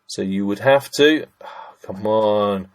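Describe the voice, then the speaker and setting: Slow-talking man teaching German grammar. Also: fairly low pitch. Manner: chatty, thinks aloud, addresses "ladies and gents". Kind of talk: screen-recorded grammar lesson.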